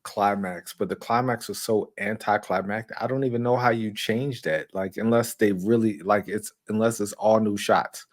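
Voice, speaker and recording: A man's voice: on the low side, steady tone, normal speed, hardly any pauses. A man talking as a guest on a casual live movie chat, rambling with many fillers and restarts.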